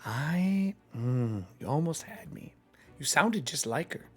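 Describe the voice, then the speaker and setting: A man's voice: on the high side, lively intonation, slow pace, a bit bright, faint music behind. A man voicing a taunting sand creature. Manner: mocking, taunting. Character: menacing male sand creature, taunting and possessive.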